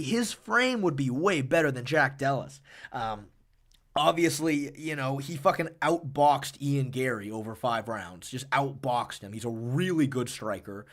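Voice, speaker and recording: A man hosting a casual live stream, reading chat messages and rambling animatedly with plenty of swearing. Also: mid-range voice. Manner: animated, rambling, swears often, reads chat donations aloud. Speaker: streamer and MMA analyst.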